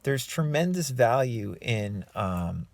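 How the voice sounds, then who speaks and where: A man who coaches and writes self-help books, giving relaxed, reflective advice to the camera with many fillers and restarts. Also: mid-range voice, slow pace, vocal fry, dry recording. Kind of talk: casual talking-head advice.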